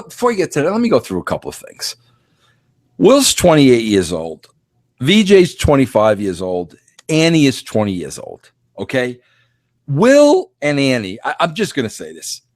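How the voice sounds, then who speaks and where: A man's voice: mid-range voice, dry recording, studio quality. A man in his fifties hosting a podcast monologue, emphatic and full of stammering restarts. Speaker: podcast host. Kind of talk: casual monologue.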